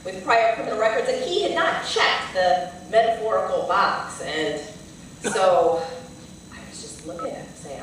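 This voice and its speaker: A woman's voice: medium pitch, lively intonation, normal speed, a bit bright, distant mic, a little hiss or hum. A woman lawyer giving a lecture, telling a personal story in an earnest, vivid way. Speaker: civil rights lawyer and lecturer. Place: large lecture hall. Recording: very echoey hall, heard from afar.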